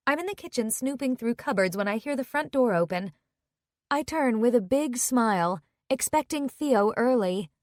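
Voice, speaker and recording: A woman's voice: on the high side, no echo, clean studio sound. A woman narrating a romance audiobook in the first person, with an intimate, conversational inner-monologue manner.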